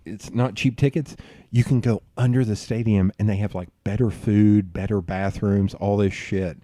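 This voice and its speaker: A man hosting a podcast, telling rambling stories in a loose, profane, animated way. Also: on the low side, moderate pace, no room sound, clean studio sound. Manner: animated, profane, rambling storyteller who bursts into laughs. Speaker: podcast host. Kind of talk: casual storytelling chat.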